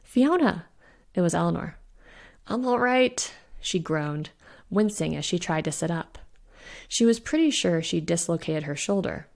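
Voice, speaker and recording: A woman reads her own spooky short story aloud in a steady storyteller's voice. Her voice sits low with a gravelly texture, and the delivery stays even throughout. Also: moderate pace. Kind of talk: scripted narration.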